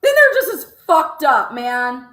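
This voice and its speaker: A woman's voice: sits high, sing-song, measured pace, fairly bright tone, echoey room. A woman host giving mocking, profane reaction commentary, swearing and laughing in disbelief. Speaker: podcast host reacting to a clip.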